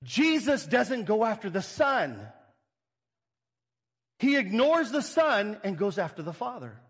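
A man's voice: high-pitched, very animated, slow, big-room sound. A male pastor preaching a sermon, walking through a scripture passage with rhetorical questions and acted-out scenes.

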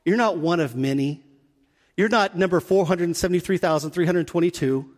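A man preaching a sermon, telling the story with animated delivery and dropping to a hush for emphasis. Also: a little high, fairly quick. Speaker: pastor. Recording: long hall reverb.

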